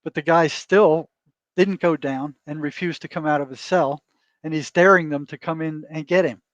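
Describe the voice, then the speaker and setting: A man's voice: fairly high pitch, steady tone, normal speed, no room sound. A man guest, a therapist, telling a story in casual interview talk and often adding "you know" and "right?". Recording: dull lo-fi dry sound.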